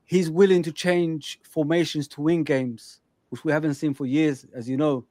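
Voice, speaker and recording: Animated man in dry chat. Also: fairly high pitch, moderate pace, no room sound. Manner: animated, leans on filler phrases. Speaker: co-host. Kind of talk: casual chat.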